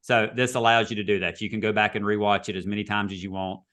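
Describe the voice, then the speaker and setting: A man's voice: lowish voice, level tone, fast, a bit bright. A man teaching real estate agents in a casual, chatty webinar over a video call. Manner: casual, chatty, repeats himself.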